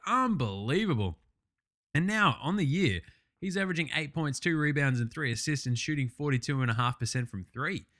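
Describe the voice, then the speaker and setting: A man hosting a casual sports recap, ranting excitably and swearing a lot. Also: medium pitch. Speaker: podcast host.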